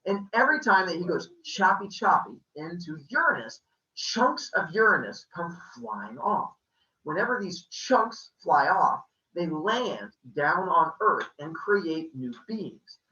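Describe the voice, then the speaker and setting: Lively man telling a myth to a class. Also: sits high, unhurried, roomy sound, recorded from a distance, highs cut off. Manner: lively, joking retelling. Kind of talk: casual storytelling to a class.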